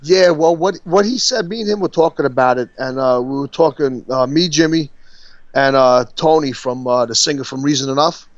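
A man's voice: mid-range voice, normal speed, no echo. A man, co-hosting a podcast in casual chat, rambling profanely and laughing as he tells stories. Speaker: podcast co-host. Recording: dull, dry lo-fi sound.

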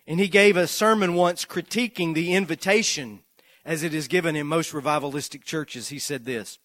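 A man preaching a sermon, moving from slow, measured lists to loud, rising repetition as he tells a story. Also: on the high side, dry recording, clean studio sound.

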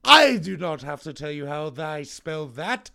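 A man's voice: fairly high pitch, animated, a little slow, gravelly, sharp tone, heavily acted. A man playing a stuffy Oxford snob. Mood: condescending. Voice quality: stuffy, mock-aristocratic. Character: pretentious male Oxford snob critic. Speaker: podcast co-host. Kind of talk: comedy sketch.

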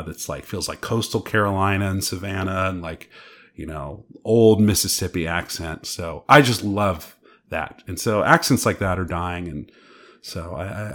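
A man's voice: low voice, a bit bright. A man co-hosting a podcast, chatting casually in a rambling, enthusiastic way with lots of fillers. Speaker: podcast co-host. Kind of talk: casual chat.

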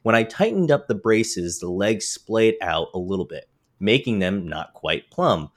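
ポッドキャストで木工の質問に答える男性。言いよどみやフィラーが多く、しゃっくりが出ている。. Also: male voice, lowish voice, sing-song, measured pace. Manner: hesitant, many fillers and restarts. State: has the hiccups. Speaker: podcast co-host. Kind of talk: casual chat.

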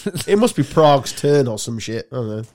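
A man's voice: medium pitch, big pitch swings, darkish tone. A man, co-hosting a casual podcast chat with banter and blunt asides. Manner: banterish, swearing, quick asides. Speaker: podcast co-host.

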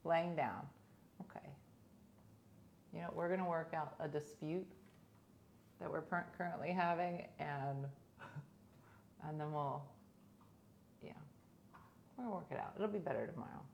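A woman's voice: deep voice, unhurried, creaky, long pauses, darkish tone, highs cut off, slight background noise. Playful woman in her fifties coaxing her dog. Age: 50s. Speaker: host of a home pet show. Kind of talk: casual chat with her dog.

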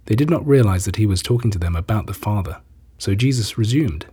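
A man reading scripture in a steady, plain delivery. His voice is low and mellow, with a strongly husky, breathy grain. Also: brisk. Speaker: narrator.

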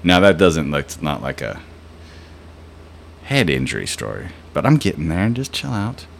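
A man's voice: a bass voice, big pitch swings, moderate pace, vocal fry, a little hiss or hum. A young man telling rambling, profane stories in a casual podcast, with lots of fillers. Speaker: podcast host. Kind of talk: casual storytelling.

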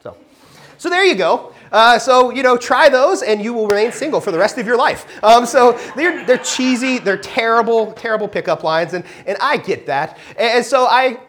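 A married man preaching a sermon in an animated, joking way, with frequent restarts. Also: extremely high pitch, normal speed. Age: adult, married. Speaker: pastor.

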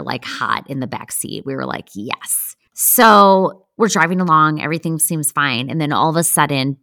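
A middle-aged woman hosting a podcast, telling her own stories in a casual, animated, self-deprecating way and acting out the lines she quotes. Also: sits low, creaky, no echo, clean studio sound. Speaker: podcast host. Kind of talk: casual storytelling.

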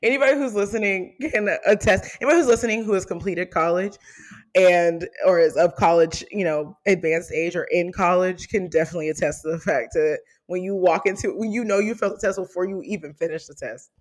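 A young adult woman hosting a podcast in casual chat, animated and quick to laugh, with playful teasing. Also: on the low side. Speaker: podcast host.

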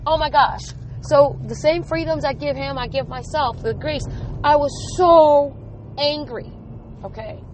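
A woman's voice: high-pitched, unhurried, a little mellow, slight background noise, poor audio. A woman, likely in her forties, candidly telling a personal story as a mother, earnest and emphatic as she recalls her own firm words.

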